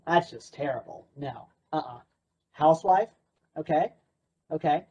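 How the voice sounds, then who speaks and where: A man's voice: on the high side, unhurried, pauses often, darkish tone, slight background noise. A man presenting an interactive workshop in a playful, sarcastic way. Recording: dull lo-fi recording.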